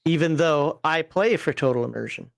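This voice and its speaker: A man's voice: on the high side, moderate pace, gravelly, no room sound. A man hosting a livestream panel show, reading viewer comments aloud and giving wry, opinionated takes with frequent fillers.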